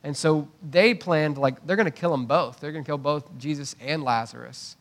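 Man preaching in a relaxed, chatty way. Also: on the high side, moderate pace. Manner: conversational preaching with asides and tag questions; repeats words when restarting. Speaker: pastor. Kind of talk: sermon.

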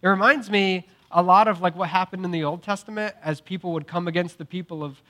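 A young adult man preaching a sermon, telling the story in a casual, animated way with filler words and acted-out quotes. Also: high voice, fast. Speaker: pastor.

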